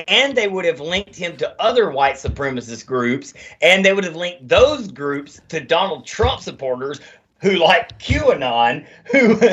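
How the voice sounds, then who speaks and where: In a slightly high, somewhat bright voice, a man hosts a casual podcast conversation. He makes his points emphatically and curses heavily, and the recording is dull and lo-fi.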